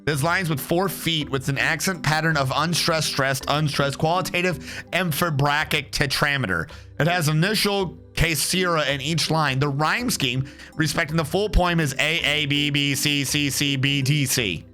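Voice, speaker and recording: A man's voice: on the high side, normal speed, pushed and bright, faint music behind. Sarcastic man streaming a game. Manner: sarcastic, swears, laughs, reads game text aloud. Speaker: streamer playing a strategy game. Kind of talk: casual let's play commentary.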